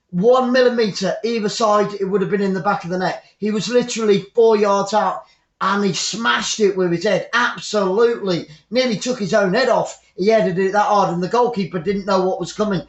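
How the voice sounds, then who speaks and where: High-voiced English football commentator. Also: male voice, echoey room, dull audio. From England. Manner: chatty, repeats phrases, bursts of excitement. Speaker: fan commentator.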